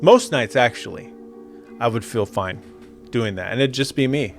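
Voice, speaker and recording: A man's voice: medium pitch, expressive, moderate pace, soft background music. A young adult man in casual chat, telling a ghost story with swearing and laughter.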